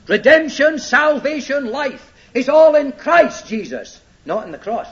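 A preacher teaching scripture in an emphatic, driving way, hammering each point home and asking his hearers if they follow. His voice sits high and swoops up and down. The sound is dull and lo-fi, like an old sermon tape. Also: a bit bright. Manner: emphatic, repeats points and checks listeners are following.

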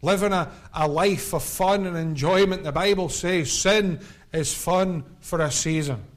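A middle-aged man delivers an evangelistic sermon with fervent, repeating phrases. His voice sits a little higher than most men's, and he stacks line upon line in a driving preacher's rhythm. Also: a little slow. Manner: impassioned, repetitive preaching cadence.

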